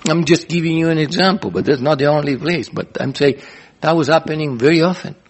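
A man's voice: on the high side, brisk, slightly rough. A man pastor teaching a sermon in an earnest, repetitive way, often restarting phrases.

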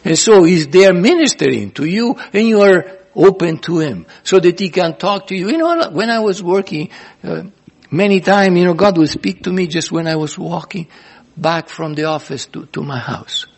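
A man's voice: high-pitched, expressive, normal speed, husky. A man pastor teaching a sermon in an earnest, repetitive way, often restarting phrases.

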